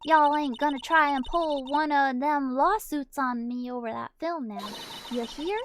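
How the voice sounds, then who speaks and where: A woman's voice: high-pitched, measured pace, slight background noise. A woman voicing a feisty southern woman photographer in a video game, with an exaggerated put-on Southern drawl. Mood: scolding. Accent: put-on American Southern. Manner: exaggerated drawl, loud and scolding.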